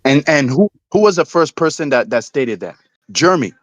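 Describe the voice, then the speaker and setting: A man's voice: a little high, very animated, moderate pace, no room sound, highs cut off. A man co-hosting a casual stream chat, often stumbling and repeating his words. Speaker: co-host.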